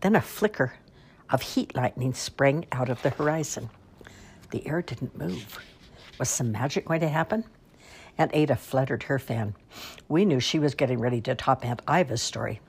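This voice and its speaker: A woman reads a story aloud at an unhurried pace. Her voice sits very low and carries a husky, breathy grain. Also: a little mellow.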